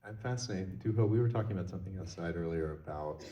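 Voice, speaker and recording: A man hosts a film Q&A with eager, rambling questions. His voice sits on the lower side. He sounds distant in a roomy, echoing hall with faint background noise. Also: fast, warm tone, highs cut off. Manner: enthusiastic, rambling questions with fillers. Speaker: Q&A moderator. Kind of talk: conversational interviewing. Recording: echoey hall, from far off.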